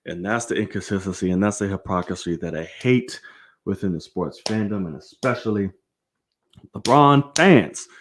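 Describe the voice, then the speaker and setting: Male sports-stream host, lively swinging delivery, heated and profane. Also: low-pitched, normal speed, slight background noise. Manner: animated, profane, heated opinions; addresses viewers directly. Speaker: host of a live sports show. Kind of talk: live-streamed sports rant.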